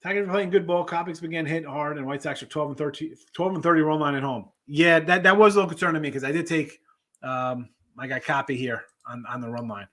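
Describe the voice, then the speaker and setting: A man's voice: a little high, quick pace, fairly bright tone. A man hosting a sports betting show, chatting loosely with viewers and jumping between topics. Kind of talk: casual livestream chat reading viewer comments.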